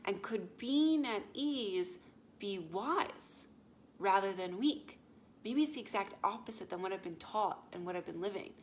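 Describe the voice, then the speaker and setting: A woman life coach speaking casually to viewers, often checking in with a quick "yeah?" or "okay?" and retelling stories with animated asides. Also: medium pitch, slight background noise. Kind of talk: casual live talk to viewers.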